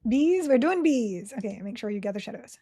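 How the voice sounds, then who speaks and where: A woman's voice: fairly high pitch, expressive, brisk, warm tone, husky. A woman streaming a game live, chatting casually with her viewers and her game characters and giggling often. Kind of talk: casual live gameplay commentary.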